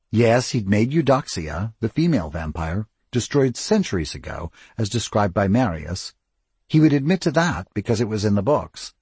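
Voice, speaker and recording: A man narrating an audiobook in the first person, with expressive, wry storytelling. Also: fairly low pitch, husky, dry recording.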